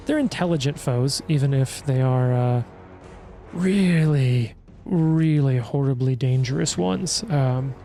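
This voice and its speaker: A man running a tabletop game as game master, wry and apologetic, talking quickly with frequent restarts. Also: mid-range voice, dark tone, soft background music.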